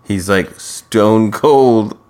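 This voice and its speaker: A man with a fairly low voice chats casually as a podcast co-host. He talks in a halting way, restarting sentences and filling gaps with "like.". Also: darkish tone. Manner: hesitant, with frequent restarts and "like". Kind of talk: casual chat recapping a TV show.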